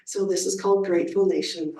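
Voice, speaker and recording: Chatty teacher in a roomy meeting hall. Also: female voice, on the low side, fairly even intonation, quick pace, dark tone. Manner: informal and enthusiastic, with many fillers. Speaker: elementary music teacher. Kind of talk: presentation at a school board meeting. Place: meeting room. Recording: roomy, distant meeting-room sound.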